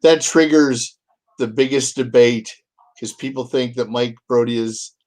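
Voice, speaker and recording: A man's voice: medium pitch, measured pace, a little mellow, rough recording. Co-host, man, casual and joking, storytelling banter. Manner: easygoing, jokes and tells anecdotes. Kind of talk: casual fan chat.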